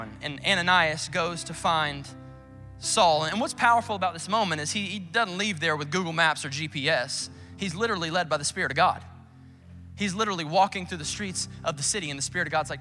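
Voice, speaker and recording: Animated preacher in a big echoing hall. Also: male voice, a little high, fairly quick, faint music behind. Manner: animated, acts out dialogue with God. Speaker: pastor. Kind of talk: sermon.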